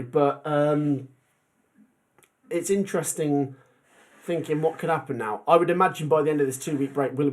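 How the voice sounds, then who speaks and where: A man's voice: on the high side, a little mellow. Chatty man hosting a livestream. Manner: chatty, rambling, many ums. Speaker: football fan channel host. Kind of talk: casual livestream chat reading comments.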